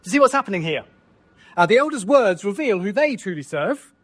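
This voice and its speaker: A man's voice: sits high, very animated, fairly quick. A man preaching a sermon, leading his listeners through the text and asking them questions as he goes. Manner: rhetorical, asks the listeners questions.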